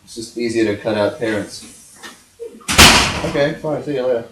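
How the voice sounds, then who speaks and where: A man's voice: medium pitch, normal speed, heavy background noise. A man in his twenties hosting a casual podcast chat, joking and laughing often. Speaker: podcast host. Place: home room. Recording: echoey room.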